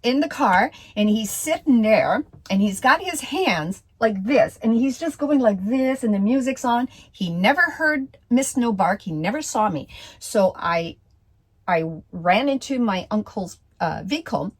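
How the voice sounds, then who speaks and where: A woman's voice: fairly high pitch, lively intonation, slightly rough. A woman casually telling a personal story, hesitant, with many fillers and restarts. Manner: slow, deliberate delivery.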